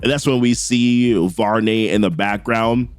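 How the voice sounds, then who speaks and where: A man casually recapping a comic book, paraphrasing characters' lines with animated asides. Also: on the low side, measured pace, dry recording, soft background music.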